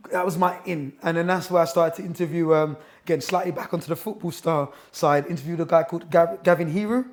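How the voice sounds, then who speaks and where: A man in his thirties, a boxing coach and author, telling stories as a chatty, enthusiastic guest in a gym. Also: high-pitched. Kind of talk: casual interview chat.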